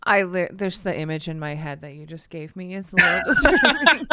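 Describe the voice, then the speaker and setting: A woman's voice: lowish voice, very animated, normal speed, sharp tone, dry recording. A woman co-hosting a casual podcast, making wry remarks and laughing asides. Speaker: podcast co-host.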